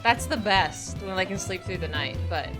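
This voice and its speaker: A woman's voice: mid-range voice, animated, normal speed, over music. A woman in her forties chatting casually with her viewers while streaming a game, rambling and gushing with frequent laughter. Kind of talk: casual livestream chat while gaming.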